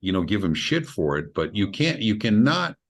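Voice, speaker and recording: Middle-aged male director, very low and husky, animated storyteller who performs the voices of people he quotes. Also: moderate pace. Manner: animated, acts out quoted voices with big pitch jumps, laughs. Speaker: film director. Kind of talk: casual interview storytelling.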